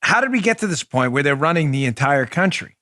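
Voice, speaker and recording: A man's voice: fairly high pitch, lively intonation, quick pace, pushed and bright, no echo, studio quality. A middle-aged man hosting a podcast, delivering a fired-up political commentary monologue with emphatic, repeated words. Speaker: podcast host.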